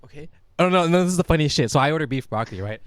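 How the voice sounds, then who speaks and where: A man's voice: fairly high pitch, animated, racing, clean tone, no room sound, studio quality. A young man, a podcast co-host, rambling through a funny story in casual chat, laughing and swearing freely. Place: small podcast studio.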